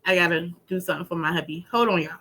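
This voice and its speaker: A woman tarot reader giving a casual pick-a-card reading, talking straight to viewers in a chatty, slangy, animated way. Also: lowish voice, very fast, poor audio.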